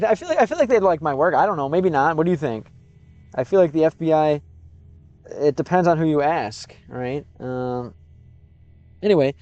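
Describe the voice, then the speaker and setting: A man's voice: a little high, a little mellow. An American man streaming live, chatting casually with viewers and switching between English and hesitant learner Russian full of restarts.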